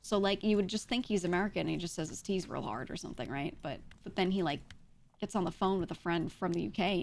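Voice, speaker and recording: A woman's voice: lowish voice, quick pace, vocal fry, a little hiss or hum. A woman streamer talking in a casual, rambling way, swearing freely and laughing often.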